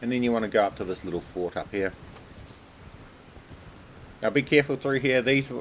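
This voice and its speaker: Low-voiced man giving casual game commentary. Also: a little hiss or hum, low-quality recording. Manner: relaxed, chatty, repeats filler words like "obviously". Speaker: game walkthrough narrator.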